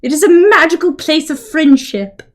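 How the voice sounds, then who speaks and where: A woman putting on a grand, earnest talking horse for a tabletop game. He speaks in a slow, solemn way, pitched a touch higher than an everyday voice. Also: lightly acted.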